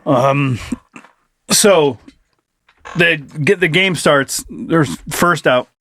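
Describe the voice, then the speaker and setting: A man in his forties telling a story in a casual podcast chat, profane and excitable, breaking into shouted reenactments. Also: fairly high pitch, very slow. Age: 40s. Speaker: podcast co-host.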